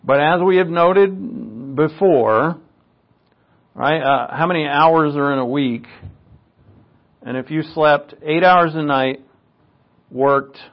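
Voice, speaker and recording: A man's voice: on the high side, dull audio. A man preaching a conversational sermon, with joking, self-mocking asides.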